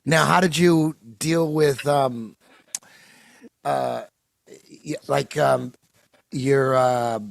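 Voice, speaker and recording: Gravelly, slow-talking male host. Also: mid-range voice, steady tone. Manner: halting, searching for words. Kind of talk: podcast interview.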